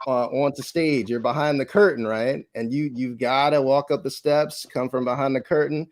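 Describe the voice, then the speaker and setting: Man, mid pitch, dry close sound, reflective, analogies, casual fillers. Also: steady tone, moderate pace, no room sound. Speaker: panel guest. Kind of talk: spiritual panel discussion.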